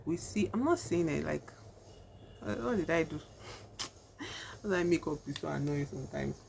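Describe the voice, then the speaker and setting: A woman's voice: low-pitched, lively intonation, normal speed, gravelly, a little mellow, a little hiss or hum. A woman vlogger chatting casually in a rambling way, full of fillers, while she does her makeup. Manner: chatty, rambling, heavy use of "like" and "you know". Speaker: vlogger reviewing a horror film. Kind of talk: casual chat.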